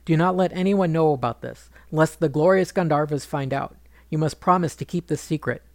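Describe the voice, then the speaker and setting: A man voicing a proud queen who is furious and grieving, speaking bitterly in his gravelly storytelling voice. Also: on the high side, a little fast, dry recording, natural voice. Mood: firm. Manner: bitter, accusing speech.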